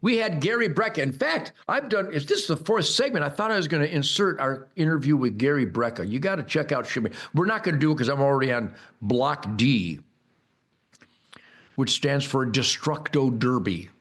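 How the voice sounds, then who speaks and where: A man's voice: expressive, normal speed. Bombastic older man ranting. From United States. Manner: bombastic, mocking, loud rants with sudden high-pitched outbursts. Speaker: host. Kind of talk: rambling political monologue.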